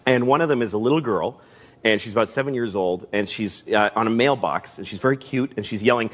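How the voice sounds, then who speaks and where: A man's voice: lowish voice, a little fast. A man performing a stand-up set, telling rambling stories with lots of laughing. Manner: rambling, animated storytelling with laughs. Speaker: stand-up comedian.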